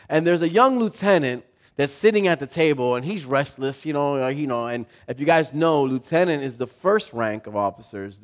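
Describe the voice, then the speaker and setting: A man preaching a sermon, telling a story and acting out the voices in it, asking his listeners questions. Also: fairly high pitch. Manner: animated, acts out quoted voices, asks the audience questions. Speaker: pastor.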